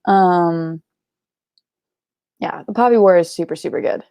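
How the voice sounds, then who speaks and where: A woman's voice: on the low side, unhurried, warm tone, no room sound. A young woman hosting a live book club stream, chatting casually with lots of likes and ums and the odd swear word. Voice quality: creaky. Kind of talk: casual livestream chat reading comments.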